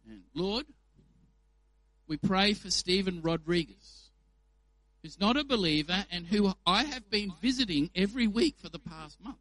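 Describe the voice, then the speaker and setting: A man's voice: high voice, animated, unhurried, fairly bright tone, dry recording, pitched below the performer's own voice, poor audio. A man voicing a man who boasts about his good deeds while praying in a group. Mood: earnest. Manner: self-praising, earnest.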